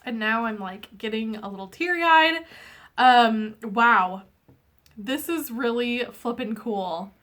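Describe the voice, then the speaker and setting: Slow-talking chatty woman reviewing an oracle deck. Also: a little high, lively intonation, fairly bright tone. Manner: chatty and earnest, many "um"s, says sorry often. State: recovering from illness, coughing. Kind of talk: casual deck review with read-aloud passages.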